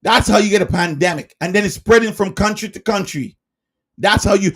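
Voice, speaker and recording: A man preaching in a livestreamed sermon, emphatic and firing rhetorical questions, sometimes shouting. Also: high-pitched, brisk, breathy edge.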